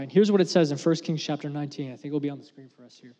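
A man preaching a sermon as pastor, earnest and conversational, dropping to a hush for emphasis. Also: fairly high pitch, fast talker, few pauses, in a large hall, muffled recording. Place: church sanctuary.

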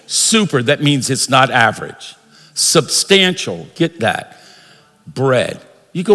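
A man preaching a sermon as pastor, leading the congregation in call-and-response and rising into shouts. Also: fairly high pitch, very animated, a little slow. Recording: long reverb of a large hall.

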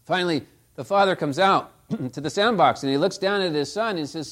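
A man's voice: on the high side, fairly quick, fairly bright tone. A man preaching a sermon, telling stories and asking the listeners rhetorical tag questions. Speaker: pastor.

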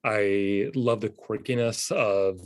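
Fairly low guy, chill wry storytelling, dry close sound. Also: steady tone, slow pace, no room sound. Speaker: podcast co-host. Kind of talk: casual chat, storytelling.

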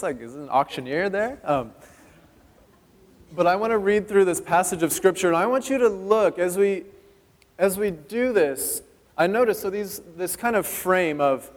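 A male pastor from California reads Scripture and preaches at a quick clip, breaking off into chatty asides along the way. His voice sits a little higher than most men's. It carries a long hall reverb, as if the sermon was recorded in a large church sanctuary. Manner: fast-talking, conversational asides while reading.

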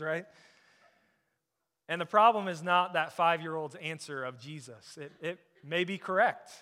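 Bright-voiced male pastor preaching. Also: fairly high pitch, clear, resonant tone. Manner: emphatic preaching, drops to soft intensity on key points. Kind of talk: sermon.

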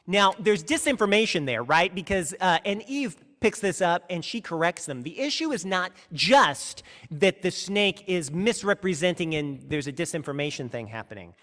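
Expressive high-voiced preacher in an echoing hall. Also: male voice, normal speed, few pauses. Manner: earnest, emphatic, with frequent restarts. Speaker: pastor. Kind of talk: sermon.

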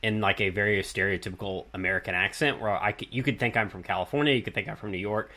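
A man's voice: on the low side, quick pace, pushed and bright. A man from Texas with a Texas accent, hosting a casual interview and rambling through his questions with frequent restarts. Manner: rambling, self-correcting, laughs easily. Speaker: podcast host.

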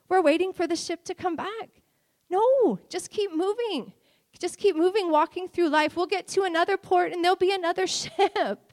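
A woman delivers a sermon in a high voice. She talks to the congregation casually and warmly, often breaking into small laughs between phrases. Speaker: preacher.

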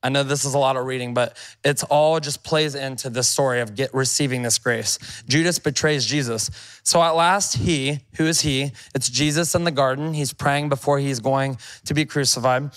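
A man's voice: mid-range voice, steady tone, normal speed, fairly bright tone. A male pastor preaching a sermon, reading scripture aloud and commenting on it in a conversational, emphatic way.

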